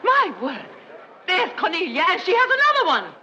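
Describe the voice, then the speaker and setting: A woman's voice: very high-pitched, huge pitch swings, moderate pace, sharp tone, a faint crowd, exaggerated voice. An actress playing a flighty, fussy, snobbish society mother with a twittering, fluttery manner, in 1930s screwball film acting. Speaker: film character. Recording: muffled 1930s film soundtrack with faint hiss.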